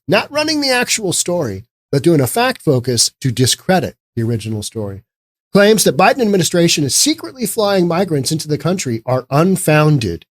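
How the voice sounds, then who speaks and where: Brief: male commentator, slightly higher voice, sarcastic, rambling delivery. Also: slightly rough. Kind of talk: casual political commentary.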